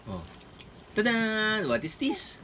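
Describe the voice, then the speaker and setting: Playing a snack guessing game over a playful home video chat, a dad quizzes his kids with sing-song coaxing and lots of praise. His high-pitched voice swoops wildly and moves slowly, captured in a noisy home recording.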